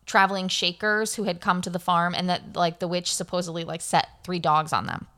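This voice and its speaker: A woman's voice: fairly low pitch, fairly even intonation, fairly quick, bright, forceful tone. A woman hosting a podcast, telling a spooky story in casual chat, rambling with lots of fillers and correcting herself. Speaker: podcast host.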